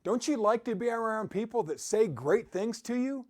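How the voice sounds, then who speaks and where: A man's voice: high-pitched, animated, normal speed, a little mellow. A man giving an upbeat motivational talk who exhorts his listeners and often laughs. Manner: quotes scripture. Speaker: motivational speaker.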